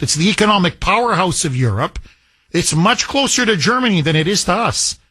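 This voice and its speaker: Fired-up talk radio guy, high bright voice, sarcastic, firing off rhetorical questions. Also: husky. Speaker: radio talk show host. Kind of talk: political talk radio monologue.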